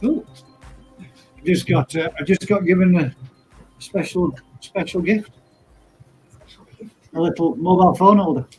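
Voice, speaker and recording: A man's voice: high-pitched, measured pace, long pauses, over music, low-quality recording. A man hosting a live stream, chatting casually and laughing often as he calls people mate.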